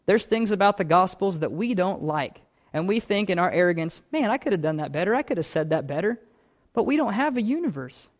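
A man preaching a sermon as pastor, earnest, stacking repeated phrases that build in intensity. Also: high-pitched.

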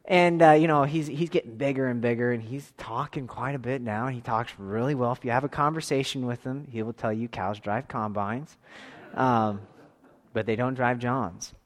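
A man's voice: medium pitch, long reverb tail. A man in his thirties casually telling a long family camping story, rambling with restarts and acting out quotes. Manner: rambling, animated, with quick restarts and voiced quotes. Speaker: father telling a church camp story.

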